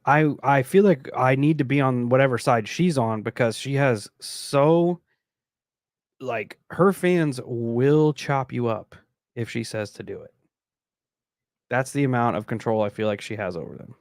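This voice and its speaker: Male podcast co-host, mid-pitched, gravelly, easygoing and meandering. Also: measured pace, darkish tone, no room sound, clean studio sound. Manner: rambling, laid-back, trailing off often. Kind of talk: casual chat.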